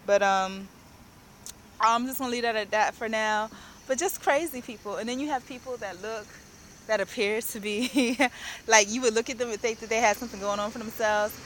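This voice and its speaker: A woman ranting casually into her camera. Her voice is bright and a little high. She tells her story in a chatty, rambling way, and faint vehicle noise runs underneath. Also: steady tone, normal speed, poor audio. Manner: chatty, storytelling, quotes people in her own voice. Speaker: vlogger.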